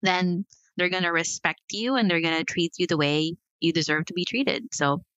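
A woman's voice: on the low side, steady tone, a bit bright, smooth, dry recording, muffled recording. A woman guest speaking candidly in a casual podcast interview, full of asides and "like". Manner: candid, talks in quick asides with frequent "like" and laughs.

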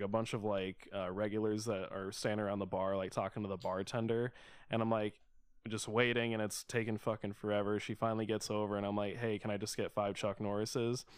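Smooth-voiced young man telling a story. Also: lowish voice, flat delivery, fairly quick, no echo. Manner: laid-back storytelling, swears freely. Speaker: podcast host. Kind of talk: casual chat.

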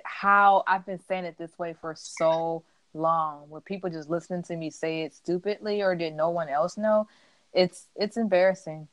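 A woman co-hosting a casual podcast chat, telling animated stories. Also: lowish voice, moderate pace. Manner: chatty storyteller, animated retellings. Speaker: podcast co-host.

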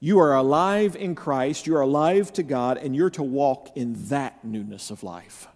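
A man preaching a sermon as pastor, stressing key phrases by slowing down and leaning into them. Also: mid-range voice, a little mellow. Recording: reverberant hall.

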